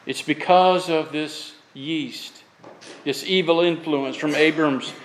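Slow, earnest preacher man from Florida. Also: a little high, low-quality recording. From Florida, USA. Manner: earnest, emphatic storytelling with folksy humor. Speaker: pastor. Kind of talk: sermon.

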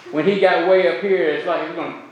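A man's voice: fairly high pitch, fairly even intonation, brisk, highs cut off. A man from Florida preaching a sermon as pastor, earnest and emphatic, telling folksy stories with humor. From Florida, USA.

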